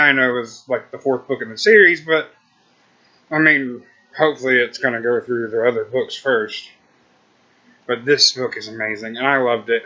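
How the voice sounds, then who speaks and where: A man gushing excitably in a casual book review vlog, with lots of fillers. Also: mid-range voice, dull audio.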